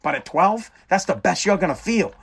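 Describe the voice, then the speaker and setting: A man's voice: sits high, expressive, normal speed, creaky, fairly bright tone, husky. Blunt, profane man. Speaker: host. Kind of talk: opinionated monologue.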